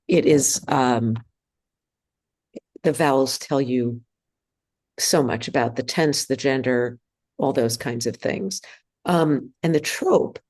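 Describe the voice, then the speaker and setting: A woman teaching a synagogue class, speaking hesitantly with many ums and pauses. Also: rumbling low, darkish tone. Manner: hesitant, many ums, sings trope examples. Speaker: bar mitzvah trope teacher. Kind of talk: classroom lesson.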